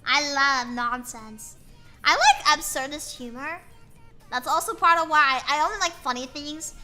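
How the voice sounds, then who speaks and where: A woman's voice: high-pitched, unhurried, loud music behind the voice. A young woman streamer chatting casually while drawing, rambling and playful, joking about herself and filling gaps with "like" and "uh". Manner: rambling, playful, self-mocking, with frequent fillers. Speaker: VTuber streamer.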